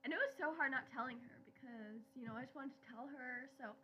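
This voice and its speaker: A teenage girl with a bright, high-ish voice comes through a school laptop on a video call, with poor audio. She talks outspokenly and quickly in casual chat. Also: a little hiss or hum. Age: teens.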